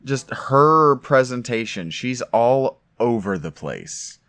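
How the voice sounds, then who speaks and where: A man's voice: medium pitch, big pitch swings, takes it slowly, fairly bright tone. A man giving sarcastic, mocking commentary while playing a video game. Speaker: let's play commentator.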